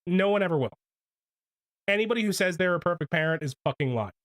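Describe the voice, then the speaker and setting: A man's voice: sits high, expressive, fast talker, fairly bright tone. Young male streamer, casual livestream rant, heavy swearing. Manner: profane, ranting.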